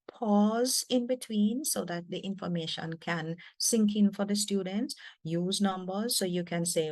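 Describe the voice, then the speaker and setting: A woman faculty developer with a Jamaican accent, giving a lively training talk to teachers with emphatic, repeated phrases. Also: medium pitch, measured pace, dry recording. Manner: animated, emphatic, repeats words.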